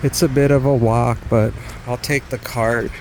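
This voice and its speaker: A man's voice: medium pitch, steady tone, normal speed, a little mellow. A man talking casually to camera while out on delivery runs, chatty and full of fillers and chuckles, recorded inside a car. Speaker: delivery driver vlogger. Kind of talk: casual ride-along narration. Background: faint car and street noise.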